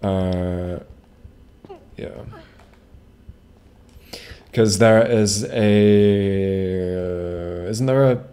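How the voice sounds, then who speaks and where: A man's voice: deep voice, extremely slow, pauses often, warm tone. A man streaming a game live, rambling casually, swearing freely and chatting with his viewers. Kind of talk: casual live gameplay commentary.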